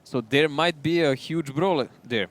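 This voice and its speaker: A man giving live analysis of an esports match, relaxed and analytical with frequent chuckles. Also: on the high side, a little slow.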